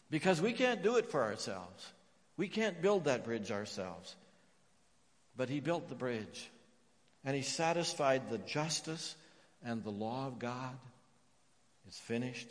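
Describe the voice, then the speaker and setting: A man preaches from the pulpit, his mid-range voice carrying a long reverb through the church hall. He presses points emphatically and then falls to hushed, repeated phrases. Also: mid-range voice, sing-song, a little slow. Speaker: pastor. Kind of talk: sermon.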